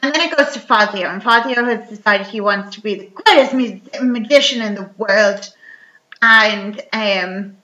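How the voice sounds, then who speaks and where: A young woman recapping a film in casual chat, telling it lively and full of "like". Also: medium pitch, normal speed. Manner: chatty, lively retelling full of "like" and quoted lines. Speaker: podcast co-host. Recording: echoey room, slightly dull sound.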